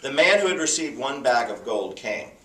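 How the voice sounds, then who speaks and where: A man preaching a sermon, telling a story with animated pitch swings. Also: normal speed, background noise. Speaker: pastor. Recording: echoey hall from far off.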